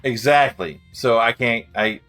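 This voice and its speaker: A man's voice: medium pitch, a little slow, a bit bright, soft background music. A man playing a tabletop game, speaking hesitantly and stumbling over his words. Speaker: player. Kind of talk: casual tabletop play.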